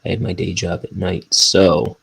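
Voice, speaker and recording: A man's voice: low-pitched, flat delivery, normal speed, creaky, fairly bright tone, slightly rough, rough recording. A man chatting casually and rambling while he inks his graphic novel, often poking fun at himself. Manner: rambling, self-deprecating. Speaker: cartoonist inking a graphic novel. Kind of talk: casual chat while working.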